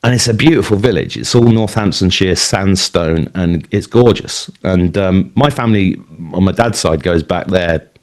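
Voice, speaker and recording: A man in his fifties with an English accent speaks to a live audience in a very deep register. He rambles from one story to the next in a loose, conversational way, full of fillers and side remarks. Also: normal speed, hardly any pauses. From England. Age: 50s. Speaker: speaker at an event. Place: talk before a live audience.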